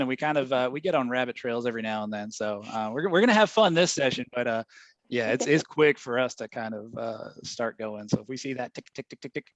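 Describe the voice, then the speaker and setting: A man's voice: medium pitch, fairly bright tone, dry recording. A man, presenting a webinar in a casual, chatty way with lots of fillers and laughs. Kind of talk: casual chat. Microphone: video call microphone. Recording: dry, muffled video call audio.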